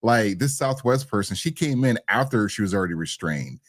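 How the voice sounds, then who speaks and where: Lowish voiced guy ranting on a podcast, blunt, slangy, dry close mic. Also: a little fast, no room sound. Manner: animated, blunt, loose slang. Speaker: podcast co-host. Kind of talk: casual podcast chat.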